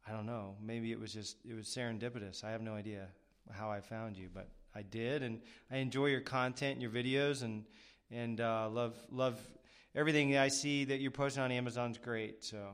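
Rambling podcast host, smooth voice. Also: male voice, mid-range voice, steady tone, moderate pace, a bit bright. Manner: rambling, self-deprecating, many fillers. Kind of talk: casual interview chat.

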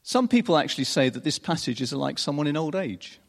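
A man preaching a sermon in an unhurried, expressive way, chuckling often between phrases. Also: on the high side, vocal fry. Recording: long reverb of a large hall.

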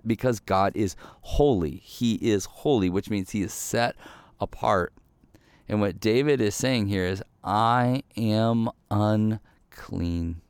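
Chatty low-voiced man preaching. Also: a little mellow, smooth, no echo. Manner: loose and chatty, frequent "like" and "right?" asides. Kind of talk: casual conversational sermon.

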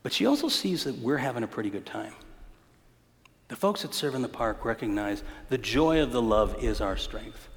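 A man's voice: mid-range voice, expressive, normal speed. A male pastor preaching a storytelling sermon in a church, with humor, a conversational tone and punchy emphasis. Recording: hall reverb.

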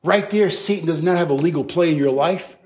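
High-voiced animated male preacher. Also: fairly quick. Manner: animated, conversational preaching with playful acted asides. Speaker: pastor. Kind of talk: sermon.

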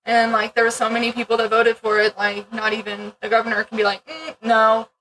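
A woman's voice: fairly high pitch, monotone, fast, a bit bright, far from the mic, slight background noise, rough recording. A woman co-hosting a podcast in casual chat, blunt and swearing freely, with rambling asides. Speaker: podcast co-host.

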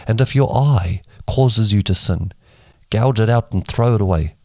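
Reading scripture for a daily Bible podcast, this man uses a different voice for each speaker in the dialogue. His lowish voice is gravelly yet mellow and unhurried, with no room sound, though his home microphone keeps dropping out.

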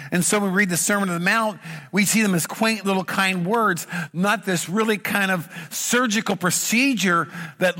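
A middle-aged man preaches in a church, earnest and emphatic, stacking one repeated phrase on the next. His voice sits a bit high for a man and comes through bright and forceful. A long reverb trails his words through the sanctuary. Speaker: pastor. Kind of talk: sermon.

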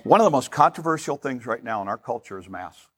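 A man's voice: medium pitch, expressive, fast talker, fairly bright tone, slightly rough. A male pastor preaching a sermon in an emphatic, conversational way, often repeating words for stress.

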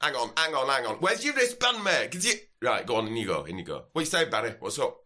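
A man playing a brash, drunk festival guard from Yorkshire, loud and sweary. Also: very animated, quick pace, exaggerated voice. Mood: drunk, rowdy. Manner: loud, sweary, high-pitched shouting.

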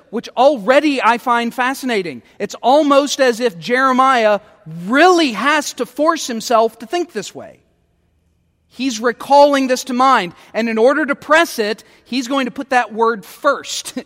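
A man's voice: very high-pitched, fairly bright tone, long reverb tail. A male pastor preaching a sermon, emphatic and repeating words as he starts phrases.

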